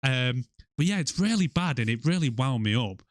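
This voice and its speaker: A man's voice: medium pitch, animated, moderate pace, no room sound, clean studio sound. Sweary man, casual podcast chat. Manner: sweary, rambling, mocking. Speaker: podcast co-host. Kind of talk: casual movie review chat.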